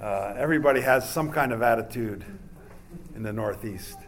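A man's voice: medium pitch, normal speed, a little hiss or hum. A man from New York preaching a sermon to a congregation in a conversational way, with many fillers and asides. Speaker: pastor.

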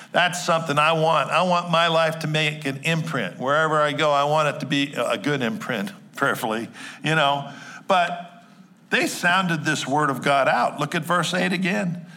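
A man's voice: fairly high pitch, sharp tone. A man preaching a sermon in a New Jersey accent, talking in a chatty, joking way with asides to his congregation. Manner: conversational and jokey, quick asides to the congregation. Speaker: pastor.

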